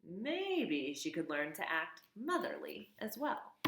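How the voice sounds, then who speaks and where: A woman reading a children's novel aloud, expressive, with casual asides. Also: lowish voice, takes it slowly. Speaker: reader. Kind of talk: storybook read-aloud. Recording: echoey room.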